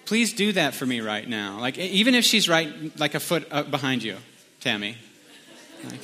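A man preaching in a loose, chatty style, a pastor who wanders through a funny story with plenty of ums and likes. His voice sits a little high and sounds bright and forward. He is middle-aged and pokes fun at himself. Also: expressive, normal speed. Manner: chatty, self-deprecating storytelling with many fillers. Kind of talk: casual sermon with anecdotes.

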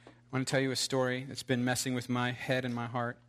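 A man's voice: medium pitch, completely flat delivery, a little fast, fairly bright tone. A man preaching an earnest sermon, telling a story to his congregation.

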